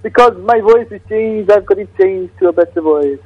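A man's voice: high-pitched, moderate pace, slightly rough, dry recording, muffled recording. A man doing a goofy fake-Scottish prank caller. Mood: stubborn. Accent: put-on Scottish. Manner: stubborn, goofy, insists on the silly voice. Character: silly prank caller faking a Scottish accent.

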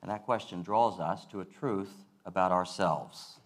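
A male pastor giving a sermon, earnest and measured, repeating key phrases for weight. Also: low voice.

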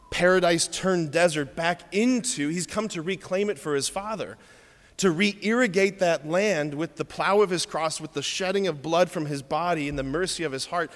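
A man preaching a sermon, telling stories with lively, playful asides to the congregation. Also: a little high, big-room sound.

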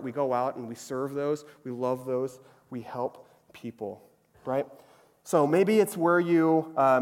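Young male preacher, chatty, in a hall. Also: a little high. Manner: chatty, frequently asks "right?". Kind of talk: conversational sermon. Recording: long reverb of a hall.

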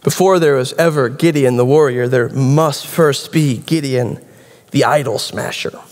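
A man's voice: medium pitch, a little slow, darkish tone. A man preaching a sermon in a conversational, wry, explanatory way. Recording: reverberant hall.

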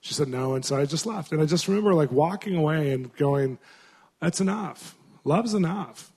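Animated, high-voiced man preaching. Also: fast. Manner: animated, conversational storytelling with frequent laughs. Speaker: Christian minister and author. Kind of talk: storytelling sermon.

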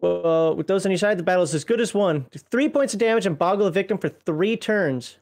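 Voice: medium pitch, expressive, a little fast, darkish tone, faint music behind. A chuckling co-host reading from a rulebook. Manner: laughs often, reads entries aloud with playful asides. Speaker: co-host reviewing a game book. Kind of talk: casual chat, reading aloud from a rulebook.

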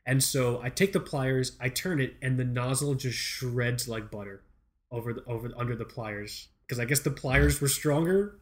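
American guy podcast host, mid-pitched, swears a lot, rambling self-deprecating storyteller. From United States. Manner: profane, rambling, self-mocking, animated. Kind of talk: comedic storytelling.

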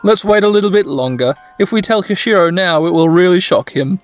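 A man voicing a cautious, gentle middle-aged father in a game, speaking softly and hesitantly. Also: high-pitched, expressive, brisk, soft background music. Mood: uneasy.

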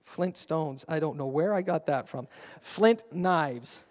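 Preaching in a large hall, a pastor in his fifties tells stories animatedly, swinging between quiet and loud. He speaks slowly in a slightly high voice.

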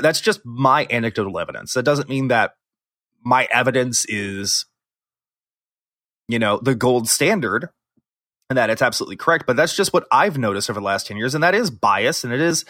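A man's voice: medium pitch, bright, forceful tone, dry recording, clean studio sound. A man co-hosting a gaming podcast in casual chat, rambling with many fillers and restarts, teasing his co-host. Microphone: remote call recording.

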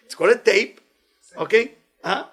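A man giving a weekly inspirational Torah talk as a teacher, animated and playful, in non-native English phrasing. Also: high-pitched, normal speed, breathy edge.

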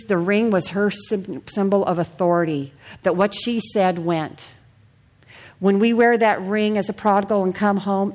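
Earnest woman preaching a sermon. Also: on the low side. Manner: earnest, personal testimony with soft hushed passages.

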